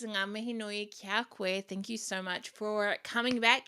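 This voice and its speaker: A woman's voice: medium pitch, fairly even intonation, unhurried, few pauses, bright, forceful tone, clear, resonant tone. A young woman hosting her own podcast, talking casually, candidly and from the heart, with plenty of swearing. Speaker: podcast host. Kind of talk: casual solo podcast monologue.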